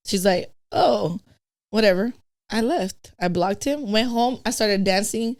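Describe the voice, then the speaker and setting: A woman guest on a podcast, her voice mid-range and a little slow, tells a blunt story full of profanity in a casual chat. She brings the conversations to life by acting out what each person said.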